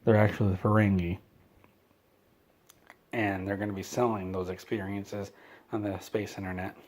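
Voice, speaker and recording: Low-voiced rambling man, dry and offhand. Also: flat delivery, normal speed, darkish tone. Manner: meandering, self-interrupting, dry. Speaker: comedy channel host. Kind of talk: rambling comedic retelling.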